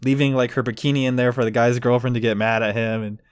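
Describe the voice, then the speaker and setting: A man's voice: medium pitch, steady tone, quick pace, clear, resonant tone, no echo. Casual podcast co-host, male, chatty storyteller who does the quotes, dry sound. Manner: rambling, acts out quotes with voices. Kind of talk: casual chat.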